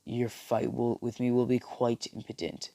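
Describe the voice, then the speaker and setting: A man's voice: mid-range voice, moderate pace, creaky, warm tone, dry recording, lightly acted. A man voicing a proud male villain who boasts in formal words. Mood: haughty. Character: proud male villain losing his nerve.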